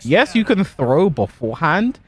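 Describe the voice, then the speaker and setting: A young man chatting casually about a fighting game while he plays, animated and given to exaggeration, laughing at himself now and then. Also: on the high side, measured pace, slight background noise. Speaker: pro fighting game player and content creator. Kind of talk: casual commentary over gameplay.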